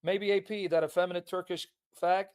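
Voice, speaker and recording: A man's voice: high-pitched, fairly even intonation, fairly quick, clear, resonant tone. A man delivering a hostile, insulting tirade on a livestream. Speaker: online commentator. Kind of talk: livestream rant.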